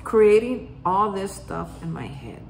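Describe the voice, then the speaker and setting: A woman gives a casual daily reflection, telling a story and acting out the voices of the people in it. Her voice sits at a middle pitch. The recording is roomy and echoey, with faint background noise. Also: sing-song, slow, gravelly, darkish tone. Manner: storytelling, acts out remembered conversations. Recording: roomy echo.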